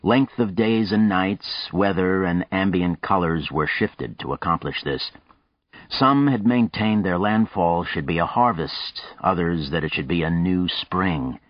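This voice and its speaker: Deep-voiced man narrating a novel. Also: no echo, muffled recording. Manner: measured, even storytelling. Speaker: audiobook narrator. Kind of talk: scripted narration.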